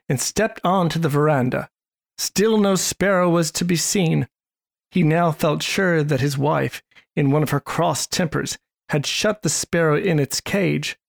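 A narrator with a gravelly voice reading a storybook in a measured, expressive way. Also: medium pitch. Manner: measured, expressive read-aloud.

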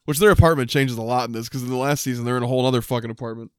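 A man in casual podcast chat, walking through a TV episode and breaking into quick impressions of the characters. His voice sits in a middle range and comes across close and dry, with no room around it. He swears casually and laughs as he goes. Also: mid-range voice, clear, resonant tone, no room sound. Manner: animated retelling with quoted voices and frequent swearing. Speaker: podcast co-host.

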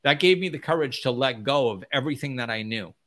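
A man giving an unscripted motivational talk as a spiritual teacher, blunt and emphatic, often mimicking whiny voices in a high pitch. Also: animated, quick pace, a bit bright.

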